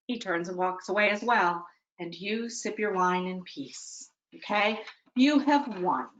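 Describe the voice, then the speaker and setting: Speaking at a medium pitch, a woman gives a webinar talk for parents, expressive and a little slow, though the audio is dull. Her style is chatty and dryly self-deprecating, and she punctuates her points with "okay?"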